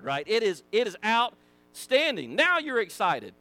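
A Southern American man leads a Sunday school Bible lesson in a casual, folksy way. His voice sits high and swings widely as he acts out the people in the story. He drops in chatty asides to the class. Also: wildly swooping pitch, unhurried, sharp tone.

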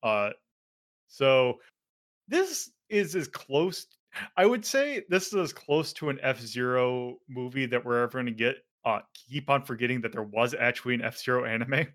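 A man's voice: mid-range voice, measured pace, fairly bright tone. A man hosting a casual podcast, rambling with lots of fillers and self-corrections. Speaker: podcast host.

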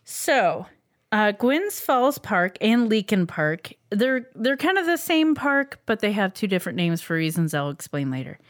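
A woman's voice: mid-range voice, very animated, measured pace. A woman co-hosting a casual podcast, reading out researched facts with frequent ums and uhs and laughing easily. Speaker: podcast co-host presenting a researched topic. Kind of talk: casual chat.

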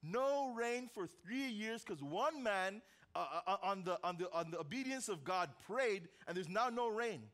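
A young man preaches a sermon with a high, light voice. He tells the story with energy, dropping to a near-hush and then rising again, and keeps tossing in casual, joking asides to the congregation. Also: moderate pace. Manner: animated storytelling, swings from loud to hushed. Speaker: pastor.

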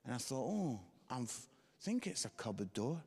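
A man preaching a sermon, telling a story with lively, animated delivery and quoted voices. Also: mid-range voice, moderate pace, slightly rough. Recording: long hall reverb.

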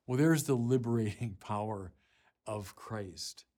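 A man preaching a sermon, unhurried with small restarts, rising to forceful emphasis on key lines. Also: on the low side.

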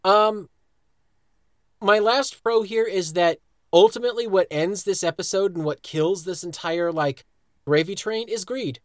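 A man with a fairly high voice, holding forth on a podcast with blunt opinions and plenty of swearing. His voice is dry and close to the mic. He laughs easily at his co-host. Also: a little slow, no echo. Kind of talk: casual chat.

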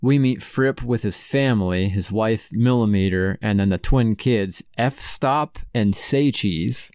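Smooth, low-voiced podcast co-host. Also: male voice, takes it slowly, a little mellow, no room sound, studio quality. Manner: loose and swears freely, laughing as he talks. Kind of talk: casual chat.

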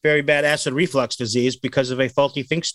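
A man's voice: mid-range voice, fairly even intonation, fast talker, fairly bright tone, no room sound. A man hosting a casual podcast, reading odd news stories aloud with crude joking asides.

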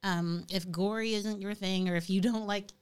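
A woman's voice: mid-range voice, fairly even intonation, moderate pace, clean tone. A middle-aged woman talking casually as a podcast co-host, chatty and hesitant, with many ums and restarts. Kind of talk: casual chat.

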